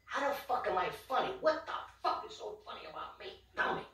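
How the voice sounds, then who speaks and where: An actor playing a volatile, quick-tempered gangster who tells profane stories and turns menacing. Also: male voice, high voice, big pitch swings, pushed and bright, full character voice. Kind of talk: film drama dialogue. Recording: roomy, distant film soundtrack.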